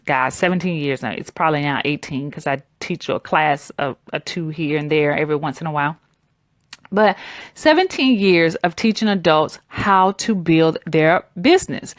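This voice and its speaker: A woman's voice: on the low side, no room sound, clean studio sound. A woman in her forties with a Southern US accent, talking conversationally and emphatically as a branding coach on her podcast. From Southern United States. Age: 40s. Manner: conversational and emphatic, addresses listeners as "guys". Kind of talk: casual solo podcast talk.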